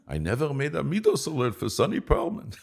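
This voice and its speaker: A man voicing a squeaky, playful cartoon character from a children's audio series. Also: huge pitch swings, moderate pace, creaky, a little mellow.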